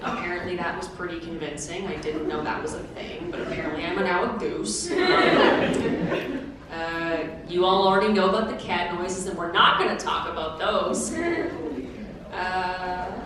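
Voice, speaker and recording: A young woman answering audience questions at a convention panel, chatty and laughing, with many fillers and restarts. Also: lowish voice. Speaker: cosplayer taking audience questions. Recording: echoey hall, distant mic, noisy.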